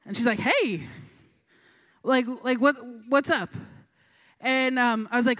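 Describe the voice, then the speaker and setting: A woman's voice: a little high, measured pace, pauses often, a bit bright. A young woman giving a casual storytelling sermon as a youth pastor, chatty, full of fillers, acting out voices in her stories.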